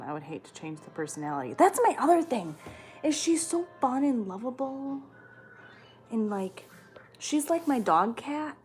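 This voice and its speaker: A woman's voice: mid-range voice, a little mellow, slight background noise. A woman hosting a livestream who reads viewer comments aloud and answers them in blunt, chatty talk, swearing freely. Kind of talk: casual chat.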